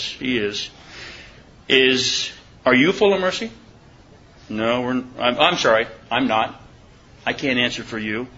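A man giving an informal Bible study sermon, reading scripture slowly and deliberately and asking his listeners questions. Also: medium pitch, pushed and bright, lo-fi sound, a little hiss or hum. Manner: conversational, asks the listeners questions. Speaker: preacher.

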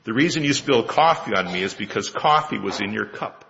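A preacher playing a patient, wise old man in a sermon story, speaking slowly and gently. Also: medium pitch, big pitch swings, creaky, dull audio, slight background noise. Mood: gentle.

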